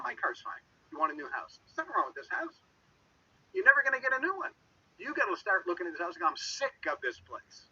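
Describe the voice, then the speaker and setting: A man giving a dramatic motivational talk, swinging between loud emphasis and hushed whispers, with a husky voice. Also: extremely high pitch. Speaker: motivational speaker. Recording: dull lo-fi sound, mic set far off.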